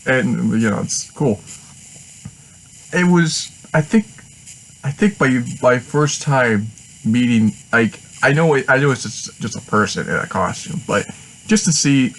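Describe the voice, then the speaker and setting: Rambling, excitable man vlogging. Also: mid-range voice, rough recording. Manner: rambling and excitable, with frequent restarts and laughs. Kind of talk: casual vlog storytelling.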